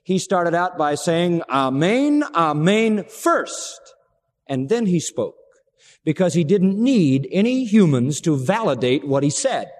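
A man preaching a sermon, swinging dramatically between loud, raised passages and hushed, low ones. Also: lively intonation, unhurried. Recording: long reverb of a large hall.

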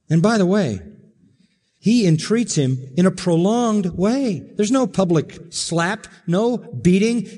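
An emphatic man preaching in a voice pitched a little higher than most men's. He leans into each phrase and breaks it up with dramatic pauses. His words ring out with the long reverb of a large hall. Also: a little mellow. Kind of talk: expository sermon.

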